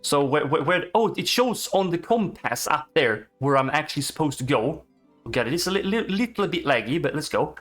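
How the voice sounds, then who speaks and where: A man giving casual, excitable commentary while playing a video game, swearing and chatting to the animals he meets. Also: on the high side, a little fast, faint music behind. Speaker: gaming streamer.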